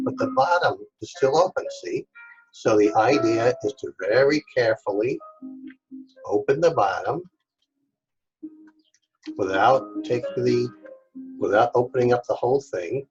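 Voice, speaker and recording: A man from Staten Island leads a children's craft lesson in a steady, mid-pitched voice. He goes slowly and speaks right to his young viewers. The recording is a little dull, with soft music in the background. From Staten Island, New York. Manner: patient, step-by-step, talks directly to kids. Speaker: art teacher.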